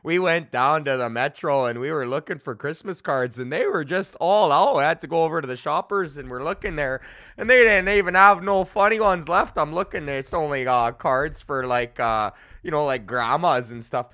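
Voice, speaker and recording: A man's voice: on the high side, bright, forceful tone, no echo, clean studio sound. Foul-mouthed man ranting. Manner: profane, loose and rambling, drawn-out fillers. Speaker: podcast host and stand-up comedian. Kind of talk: casual ranting monologue. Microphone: studio mic on a stand.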